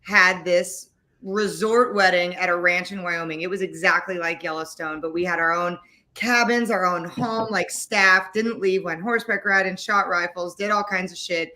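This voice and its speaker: A woman, co-hosting a casual chat and telling animated stories with some swearing. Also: fairly low pitch, moderate pace. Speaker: co-host.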